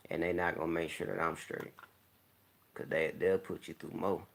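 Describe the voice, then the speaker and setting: A man with a deep, gravelly voice talks in a loose, unhurried monologue. He speaks candidly and keeps clearing his throat as he goes. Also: flat delivery. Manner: laid-back, rambling, candid talk with frequent throat clearing. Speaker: vlogger. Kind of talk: casual monologue to camera. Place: home, smoking while talking.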